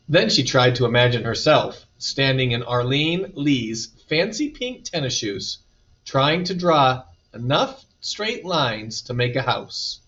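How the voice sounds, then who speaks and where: Man reading a picture book aloud. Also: medium pitch. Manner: lively, expressive storytelling. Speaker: storybook reader. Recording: dull distant recording.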